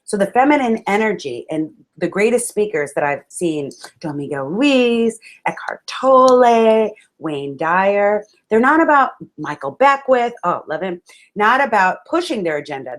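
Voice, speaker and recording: Animated woman speaker, lowish voice. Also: normal speed. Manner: expressive, addresses listeners as friends; animated, with sudden exclamations. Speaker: motivational speaker. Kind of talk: webinar talk on public speaking.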